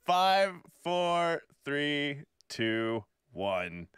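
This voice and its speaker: A man's voice: fairly high pitch, sing-song, extremely slow, a bit bright. A man hosting a podcast, chatting in a friendly, upbeat, easygoing way. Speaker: podcast host. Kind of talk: casual chat.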